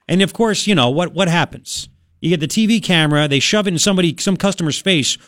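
A man's voice: a little high, fast talker, a bit bright, no echo. A man hosting a talk radio show, ranting bluntly and with exasperation in studio commentary.

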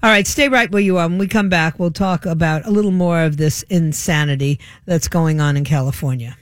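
A woman's voice: sits low, fairly quick. A woman hosting a talk radio show, delivering an opinionated, sarcastic monologue into a studio microphone. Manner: sarcastic, scoffing, laughs at the news.

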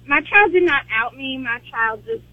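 Female caller, high voice, animated storyteller, phone-line sound. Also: normal speed, no echo. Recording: dry, tinny phone line.

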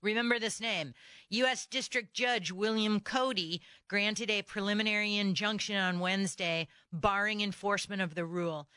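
A woman's voice: medium pitch, steady tone, moderate pace, sharp tone, clean tone, dry recording. A woman hosting a talk radio show from a studio microphone, delivering an opinionated monologue full of indignant rhetorical questions.

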